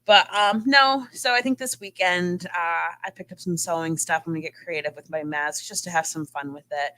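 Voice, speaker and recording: A woman's voice: fairly low pitch, normal speed, pushed and bright. A woman co-hosting a casual gaming podcast, chatty and giggly as she rambles about her week. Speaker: podcast co-host.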